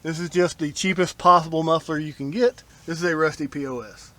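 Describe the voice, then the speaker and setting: A man's voice: fairly high pitch, steady tone, brisk, bright, forceful tone. A man explaining his own car repair outdoors in a blunt, wry, casual how-to style, grumbling about shoddy work. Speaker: DIY car repair vlogger. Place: outdoors working on a Jeep.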